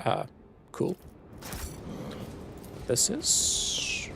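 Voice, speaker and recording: A man streaming a game, giving relaxed, casual commentary and getting excited at what he finds. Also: medium pitch, takes it slowly, gravelly, long pauses, noisy background. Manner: relaxed, easily excited, talking to himself.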